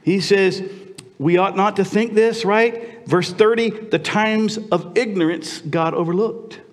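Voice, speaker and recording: A man preaching a sermon as pastor, in a conversational, animated way that swings from lively asides to quiet, earnest passages. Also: high voice, unhurried, long reverb tail. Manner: animated, conversational preaching with sudden drops to quiet, intimate tones.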